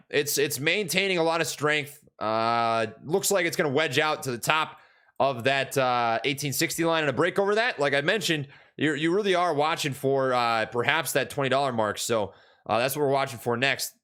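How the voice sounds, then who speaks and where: On a live stream, a young Minnesotan man talks stocks in a mid-range voice at normal speed, his tone bright and forceful. Answering chat, he rambles casually with plenty of fillers and restarts.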